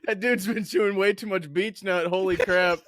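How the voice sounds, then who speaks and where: A man's voice: sits high, steady tone, fairly bright tone, no echo, studio quality. A man in casual chat with friends, teasing and joking. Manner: joking, teasing, quick to laugh.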